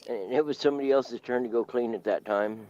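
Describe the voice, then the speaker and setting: A man's voice: mid-range voice, quick pace, mellow, no room sound. Guy chatting on a podcast, trails off a lot, giggly, dull cheap mic. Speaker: podcast co-host. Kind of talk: casual chat.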